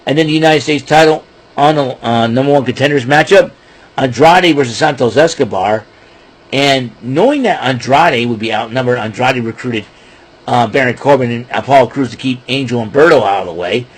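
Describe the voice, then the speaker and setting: A man's voice: mid-range voice, normal speed, slightly rough, rough recording. A man hosting a podcast, casually recapping wrestling shows in a rambling way with many fillers and restarts.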